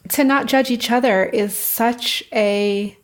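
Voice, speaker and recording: A woman's voice: on the high side, steady tone, takes it slowly. A woman hosting a podcast interview, answering her guest with short affirming interjections. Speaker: podcast host. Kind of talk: interview conversation.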